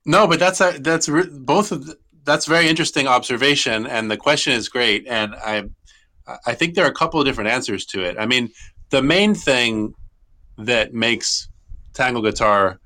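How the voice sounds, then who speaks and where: A man's voice: medium pitch, moderate pace, sharp tone. A middle-aged man, a tango guitarist and teacher, answering interview questions thoughtfully with frequent restarts.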